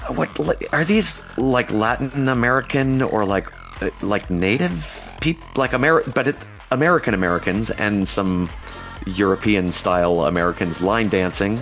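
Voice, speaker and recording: A man with a very low voice co-hosts a casual music podcast. He gushes excitably about what he loves, his pitch leaping up when he gets carried away. Faint music plays beneath. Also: normal speed. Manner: excitable, gushing, rising to high pitch when enthused. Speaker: podcast co-host.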